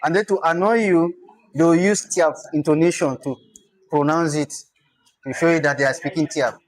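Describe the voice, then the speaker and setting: Slow-explaining man teaching. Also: fairly high pitch, steady tone. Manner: explaining patiently, repeats words slowly. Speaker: language teacher. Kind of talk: classroom lesson.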